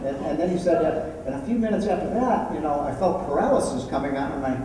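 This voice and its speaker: A man's voice: fairly high pitch, lively intonation, quick pace, mellow. A man giving a keynote dinner speech, telling joking anecdotes in a rambling way with many restarts. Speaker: keynote speaker. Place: banquet hall. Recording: echoey hall, distant mic, faint room noise.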